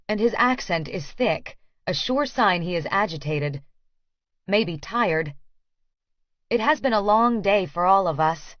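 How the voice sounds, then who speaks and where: A woman reading a first-person story as an audiobook narrator, measured and earnest. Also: lowish voice, expressive, no echo. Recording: dry, slightly dull studio audio.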